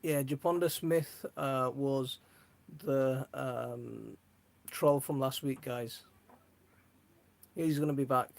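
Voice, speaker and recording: A woman's voice: a bass voice, steady tone, slow pace, vocal fry, long pauses, darkish tone. A woman hosting a casual live stream, chatting, laughing often and reading viewer comments aloud.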